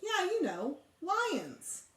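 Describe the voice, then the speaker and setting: A woman's voice: wildly swooping pitch, drawn-out words, a bit bright, heavily acted. A woman voicing a fussy, boastful young girl who complains and exaggerates, read aloud from a storybook. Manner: complaining, exaggerating, high-strung. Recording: echoey room.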